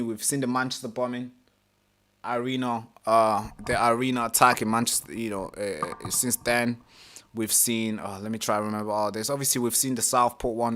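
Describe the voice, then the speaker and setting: A man hosts a live stream, working through an article and breaking off to rant about it. His voice is bright and forward, and he swears freely, loops back over his own words, and now and then puts on mocking voices. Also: mid-range voice. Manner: ranting, swears, repeats himself, slips into mocking voices. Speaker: political commentary host.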